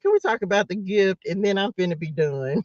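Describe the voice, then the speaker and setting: A woman's voice: mid-range voice, lively intonation, moderate pace, a little mellow, no echo, muffled recording. A woman hosting a live tarot reading, chatting playfully with her viewers and laughing often. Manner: chatty, addresses viewers directly.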